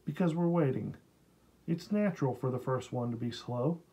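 A man voicing a calm, experienced grandmother acting as midwife, soothing and gently teasing. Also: mid-range voice, normal speed, husky, low-quality recording. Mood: reassuring.

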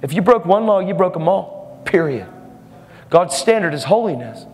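A man's voice: sits high, expressive, normal speed, a little mellow, long reverb tail. A man preaching a fervent, emphatic sermon, laughing now and then between points.

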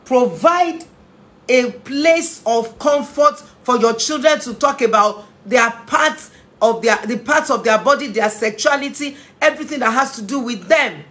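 A woman's voice: fairly high pitch, measured pace, a bit bright. A woman giving an impassioned parenting talk as a family therapist, earnest and emotional, often repeating phrases for emphasis. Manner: emotional, pleading. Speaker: family therapist and inspirational speaker.

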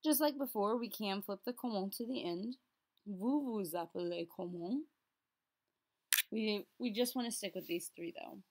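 Upbeat woman teaching French. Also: mid-range voice. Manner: patient, slows down to enunciate French words. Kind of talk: classroom lesson explanation.

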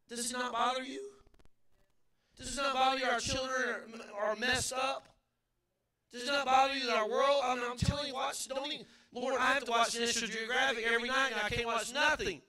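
A middle-aged male pastor preaching fervently in a church, leading the congregation in call-and-response and at times shouting. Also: very high-pitched, fairly even intonation, moderate pace. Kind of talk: sermon. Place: church sanctuary.

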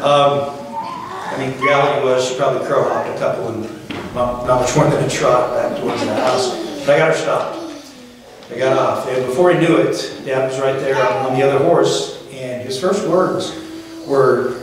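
A middle-aged man giving his father's eulogy at a funeral, speaking in a halting, reflective way with gentle humor. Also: mid-range voice. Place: funeral chapel. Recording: very echoey hall from far off, faint noise.

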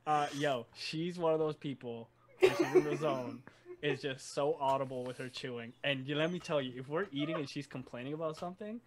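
A man with a somewhat high voice talking bluntly on a casual podcast, swearing freely and breaking into laughs. A crowd murmurs clearly behind him. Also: a little fast. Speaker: podcast co-host.

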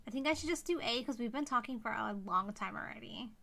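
Chatty young woman streamer, fairly high. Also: expressive, quick pace, creaky, a bit bright. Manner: chatty, weighing choices aloud. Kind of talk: casual game commentary to chat.

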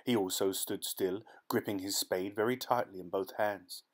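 A man narrates a classic short story for an audiobook with a fairly low voice. He keeps a steady, measured storytelling pace through the action. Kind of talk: scripted narration.

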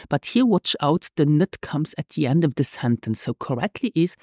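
Woman teacher, low voice, slow careful delivery, dry close mic. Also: animated, darkish tone, breathy edge, no echo. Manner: slow, careful, repeats phrases for learners. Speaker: language teacher. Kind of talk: podcast language lesson.

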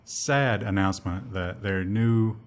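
A man's voice: fairly low pitch, slow. A man co-hosting a tech news show in a casual, joking chat with sarcastic asides.

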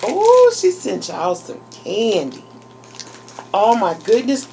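A woman's voice: a little high, big pitch swings, unhurried, gravelly, a little mellow, a little hiss or hum, poor audio. A woman in a casual unboxing vlog, talking straight to her viewers in an effusive, exclamatory way and gushing with delight as she opens each item. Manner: talks to viewers as "y'all" and "girl". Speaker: YouTuber.

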